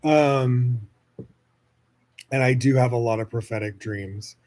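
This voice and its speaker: A man's voice: mid-range voice, fairly even intonation, slow pace, a little mellow. A man hosting a solo podcast, talking in a casual, rambling way with lots of fillers and swearing. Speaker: podcast host.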